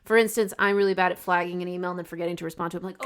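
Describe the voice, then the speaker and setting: A woman co-hosting a podcast in casual chat, playful and lively, quick to laugh along. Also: lowish voice, smooth. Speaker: podcast co-host.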